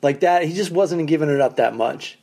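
A man tells stories from the road in his fairly high voice, working through them as a stand-up comic would. His delivery is animated, wry and profane, and he talks alone into the mic from a condo basement. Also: a little fast, creaky. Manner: animated, acts out quoted people in raised voices. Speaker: stand-up comedian, podcast host. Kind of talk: casual storytelling monologue.

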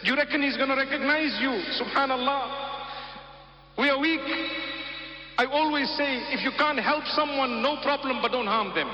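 A man's voice: extremely high pitch, lively intonation, unhurried. A man preaching a sermon, emphatic and repetitive, with phrases quoted in Arabic. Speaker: Islamic preacher. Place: large hall at a gathering. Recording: roomy hall, dull lo-fi broadcast sound.

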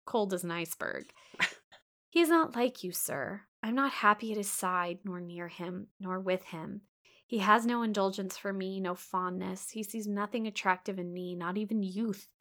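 A woman's voice: medium pitch, lightly acted. A woman reading the part of an earnest, devoted young woman, speaking emphatically in a storybook reading.

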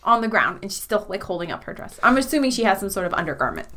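A woman playing a tabletop role-play game, casual and animated, describing her character's actions. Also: medium pitch, very fast. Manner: animated, laughing. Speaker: player.

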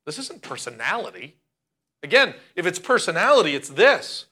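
A male pastor preaching a sermon, emphatic and slowing down to stress key words. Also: high-pitched, big pitch swings, pushed and bright.

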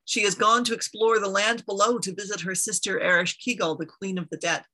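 A woman's voice: mid-range voice, fairly even intonation, brisk, sharp tone. A woman voicing a faithful, worried female friend of a goddess, pleading for help. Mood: urgent. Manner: urgent, pleading.

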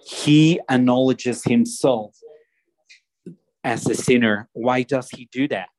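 Male preacher, sermon, unhurried measured delivery, restarts phrases, dry sound. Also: mid-range voice, a little mellow, dry recording, rough recording. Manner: slow and deliberate, with frequent restarts.

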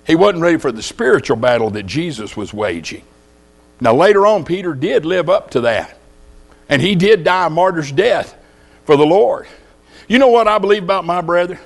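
Texan male preacher, high animated voice, folksy storytelling sermon. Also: normal speed, gravelly. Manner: folksy storytelling with rhetorical questions.

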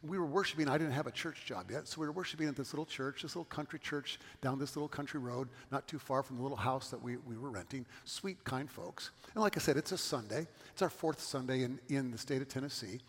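A man's voice: mid-range voice, fast, hardly any pauses, slightly rough, in a large hall. A middle-aged man from California, a pastor giving a sermon and telling stories with asides to the congregation.

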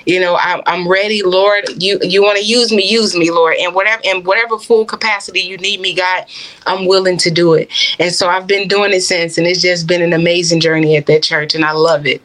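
Earnest low-voiced woman minister. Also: level tone, a little fast, a bit bright. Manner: earnest, heartfelt, many fillers. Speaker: minister, interview guest. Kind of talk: personal faith testimony.

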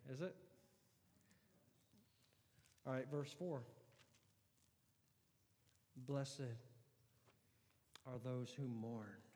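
Man, pastor preaching, impassioned, loud then hushed, mid pitch, long hall reverb. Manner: impassioned, swinging from loud emphasis to hushed near-whispers. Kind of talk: sermon.

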